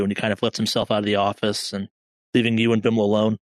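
A man's voice: medium pitch, level tone, fast, no room sound, clean studio sound. A man narrating a tabletop game as game master in a casual, hedging way.

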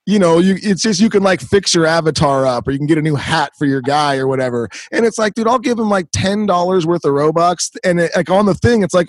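A man's voice: a little high, quick pace, few pauses, no echo. A man, a father, chatting casually on a podcast, telling anecdotes with a laugh and acting out his kid's lines. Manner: storytelling, mimics his kid, laughs often. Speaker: podcast co-host. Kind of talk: casual chat.

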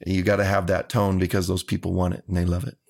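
A man's voice: low-pitched, monotone, fast, vocal fry, a little mellow. A man, a country singer talking earnestly and unhurriedly as an interview guest. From Texas. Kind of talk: casual interview talk.

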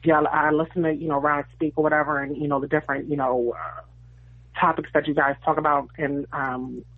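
A woman's voice: deep voice, flat delivery, a little fast, no echo. Woman leaving a voicemail, tinny phone line, super dry, gushy and rambling. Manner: gushing, chatty, rambling with fillers. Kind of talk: voicemail to a podcast.

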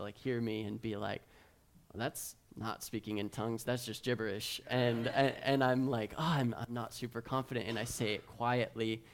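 A man's voice: medium pitch, clean tone. Young man giving a chatty sermon. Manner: animated storytelling, many fillers like "like". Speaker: preacher. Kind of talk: casual sermon.

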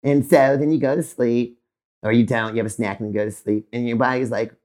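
A man's voice: mid-range voice, steady tone, a little fast, a little mellow. A man hosting a live podcast, talking in a playful, rambling way and acting out little voices. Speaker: podcast host.

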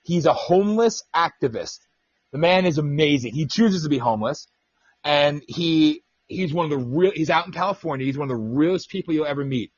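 A man's voice: fairly high pitch, expressive, a little fast, husky, no room sound, muffled recording. A man hosting a radio talk show, telling stories in a casual, profane way and mimicking the people he quotes. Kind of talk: casual political radio chat.

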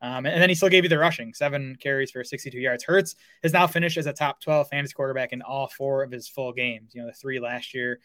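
A man's voice: medium pitch, fairly even intonation, a bit bright, no room sound. A man co-hosting a fantasy football podcast, chatting casually with lots of fillers and restarts. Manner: fast, filler-heavy talk with restarts. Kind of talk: casual sports analysis chat.

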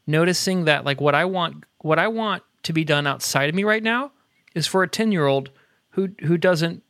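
A middle-aged man co-hosting a casual faith podcast, an animated storyteller who talks in quick bursts and laughs often. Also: a little high, no echo, studio quality. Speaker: podcast co-host. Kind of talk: casual chat. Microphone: headset earbuds at a desk.

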